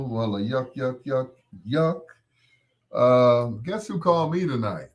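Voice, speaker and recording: A male radio host chatting on air in a studio, rambling between songs. His talk is slow and unhurried, at a middling pitch. He jokes around and keeps laughing at his own stories. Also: lively intonation. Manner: jokey, rambling, laughs often. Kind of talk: casual on-air chat.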